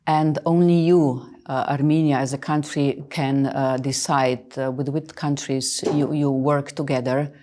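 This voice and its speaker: A woman in her sixties answering interview questions earnestly, emphatic and often pausing with fillers. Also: very deep voice, steady tone, mellow. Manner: emphatic, hesitant with many fillers. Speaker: interviewed official.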